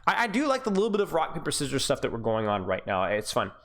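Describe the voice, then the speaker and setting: A man's voice: medium pitch, huge pitch swings, quick pace, fairly bright tone. A man coaching and streaming, casually analyzing an esports match, chatty with frequent restarts and asides to viewers. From Scottish heritage. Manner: casual, chatty, many restarts, thanks subscribers. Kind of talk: live stream game analysis.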